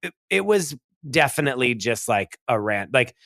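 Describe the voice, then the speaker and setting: A man's voice: medium pitch, sing-song, normal speed, creaky, fairly bright tone, dry recording, clean studio sound. Rambling man co-hosting a comedy podcast. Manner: rambling, full of "like", laughs often. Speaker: podcast co-host. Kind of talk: casual comedic chat.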